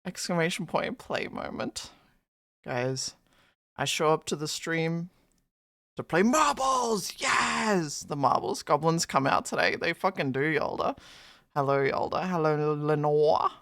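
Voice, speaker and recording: A live streamer chats casually with viewers, greeting chatters by name and swearing freely through playful, mock-dramatic rants where he hypes things up and then undercuts them. The voice is mid-range and fairly bright, at a moderate pace, with studio-quality sound and no room noise.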